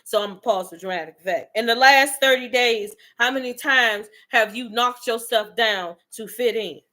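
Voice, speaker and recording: A motivational speaker with a fairly high, pushed, and bright voice talks at a normal speed. She gives a fiery, blunt, and profane monologue, calling out her listeners directly and preaching tough love.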